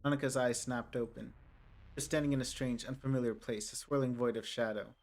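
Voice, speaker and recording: A man playing a visual novel, reading its narration and dialogue aloud with quick asides of his own. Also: medium pitch, level tone. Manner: reads dialogue lines and narration plainly, with asides. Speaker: game streamer.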